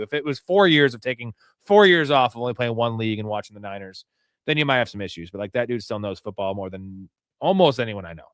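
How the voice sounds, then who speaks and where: Bright, crisp-voiced tipsy male host. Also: mid-range voice, fast talker, no room sound, clean studio sound. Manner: profane, rambling, joking. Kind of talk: live fantasy football show banter.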